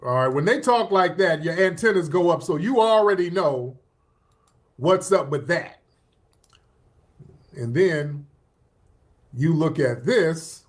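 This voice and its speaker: A man hosting a livestream and commenting emphatically on social media posts, often pausing to scroll. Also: fairly high pitch, lively intonation. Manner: emphatic, often stops with "hold on" while scrolling. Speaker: livestream host.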